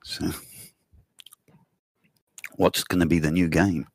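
A man with a very low voice rambles through a casual chat, laughing and swearing as he goes. His tone is husky and rough, and the recording sounds dry and close. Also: little pitch movement, slow pace, dry recording. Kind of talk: casual conversation.

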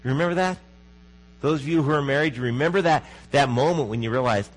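Man, pastor, sermon, conversational, rhetorical questions, hushed emphasis. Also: mid-range voice, fast talker, low-quality recording. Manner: conversational preaching, asks the congregation questions.

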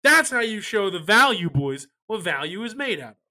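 Male podcast host, high and bright voice, wry ranting banter. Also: very animated, normal speed. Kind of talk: casual sports betting podcast chat.

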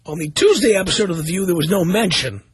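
A man's voice: high voice, quick pace, breathy edge, no room sound. A man hosting a talk radio show, reading news stories aloud and commenting on them sarcastically.

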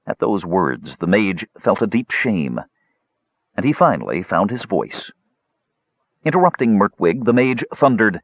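A man with a husky, fairly low voice reads a fantasy story aloud in measured, dramatic narration, his pitch moving lively with the telling. The recording is dull and lo-fi, with a dry, close sound. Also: no echo. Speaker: audiobook narrator. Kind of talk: scripted narration.

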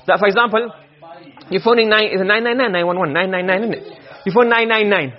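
A man's voice: high voice, fast. A man teaching a lesson on rhetoric, explaining step by step, often repeating words and mixing in Arabic terms. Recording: dull lo-fi recording.

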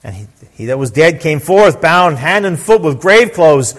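A man's voice: a little high, big pitch swings, moderate pace. Emphatic man preaching a sermon. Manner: emphatic preaching, repeating words, swelling to loud declarations. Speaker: pastor.

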